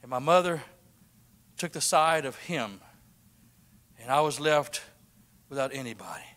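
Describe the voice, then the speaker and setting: A man preaching a fervent sermon, swinging from loud declarations to whispers and repeating his lines. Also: mid-range voice, lively intonation, measured pace, big-room sound.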